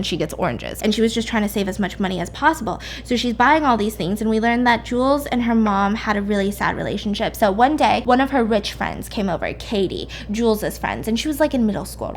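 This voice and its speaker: A woman's voice: fairly high pitch, slight background noise. A young woman casually recapping a mystery novel, chatty and swearing freely as she acts out the characters' lines. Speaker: YouTuber retelling a mystery novel.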